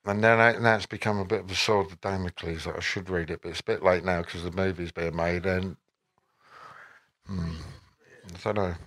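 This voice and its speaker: Answering questions as a musician guest at a Q&A, this older man speaks in a low-sitting voice at a moderate pace. He rambles in a relaxed way, tossing in wry asides and correcting himself often.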